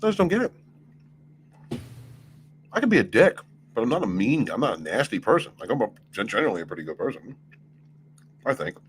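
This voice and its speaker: A man's voice: mid-range voice, very animated, a little fast, long pauses, slight background noise. A man streaming, chatting casually in a rambling, profane way and laughing often. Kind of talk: casual late-night stream chat.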